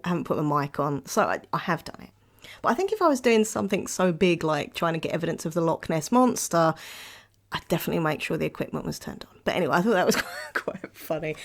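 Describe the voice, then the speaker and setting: A woman's voice: lowish voice, creaky. A woman hosting her own podcast, rambling cheerfully on her own with plenty of giggles and asides. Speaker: podcast host. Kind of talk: casual solo chat.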